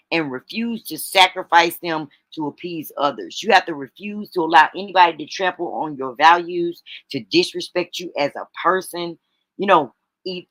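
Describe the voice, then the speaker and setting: A woman's voice: lowish voice, fairly bright tone, dry recording. A woman hosting a casual motivational live stream. She talks in a chatty, folksy way and keeps checking in with her listeners. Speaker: livestream host. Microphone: streaming setup microphone.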